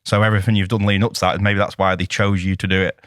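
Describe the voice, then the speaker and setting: A man's voice: low-pitched, flat delivery, very fast, fairly bright tone, no echo. A man co-hosting a podcast, talking in a dry, teasing and sarcastic way. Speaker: podcast co-host. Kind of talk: casual chat.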